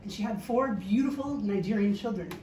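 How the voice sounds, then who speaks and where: Heard from a distance in an echoey hall, this Canadian woman performs a comic stage talk for a live audience, telling a playful story and bantering with listeners. She speaks a little fast in a warm, mid-range voice, and there's a faint hiss or hum.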